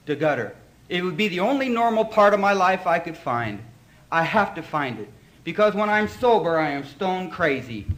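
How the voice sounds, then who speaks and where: A man giving a personal testimony at a recovery meeting, telling his story with animated emotion in front of an audience that laughs along. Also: sits high. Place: meeting hall before an audience. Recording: echoey hall, faint room noise.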